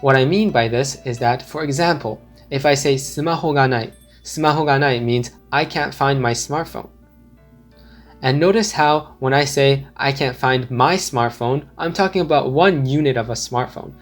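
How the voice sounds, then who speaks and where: Guy teaching a language lesson, takes it slow and repeats stuff, soft guitar music playing under him. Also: medium pitch. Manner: slow, deliberate explanations with repeated example phrases.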